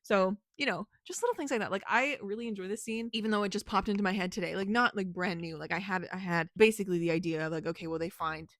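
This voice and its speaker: A woman's voice: mid-range voice, fast talker, few pauses, fairly bright tone, no echo. A woman author chatting casually in a vlog about her writing, rambling with lots of "like", laughing often and swearing freely. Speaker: author and book vlogger.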